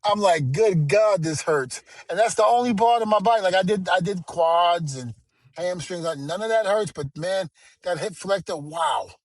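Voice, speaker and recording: A man's voice: sits high, normal speed, no echo. A middle-aged man co-hosting a podcast, telling stories in a playful, casual way and acting out the dialogue. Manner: storytelling, playful, acts out quoted dialogue. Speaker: podcast co-host.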